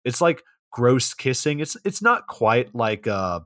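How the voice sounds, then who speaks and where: A man's voice: medium pitch, very animated, slow pace, a bit bright, no room sound, studio quality. A man co-hosting a podcast, recapping a movie in a loose, profane, rambling way. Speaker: podcast co-host. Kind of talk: casual movie recap chat.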